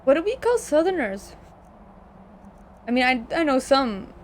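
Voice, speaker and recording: A woman's voice: sits high, very animated, a little slow, slight background noise. A young American woman streaming a video game, chatting casually in a rambling way and laughing often. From United States. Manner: giggly, rambling, breaks into frequent laughter.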